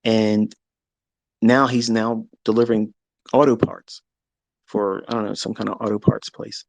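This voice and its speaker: A man, a trading educator, telling a candid personal story in a blunt, profane, animated way. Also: on the low side, a little slow, creaky, no echo, low-quality recording.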